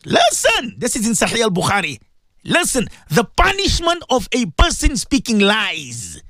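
A man's voice: very high voice, huge pitch swings, moderate pace, pushed and bright, no echo, clean studio sound. A man giving a fervent, repetitive radio sermon, preaching at his listeners with direct questions. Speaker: radio presenter giving religious advice.

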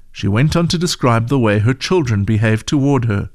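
A man's voice: lowish voice, lively intonation, moderate pace, dry recording. A man narrating a Christian devotional story in an earnest storytelling manner. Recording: dry close mic with faint music.

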